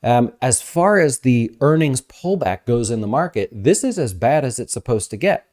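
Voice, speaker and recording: A man giving casual, energetic market commentary as an investment advisor host, talking fast with fillers. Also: mid-range voice.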